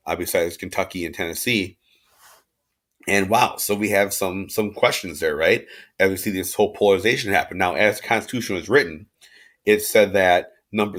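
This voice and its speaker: A man's voice: low voice, a bit bright. A man giving an informal history lecture as a teacher, talking casually with lots of fillers and asides.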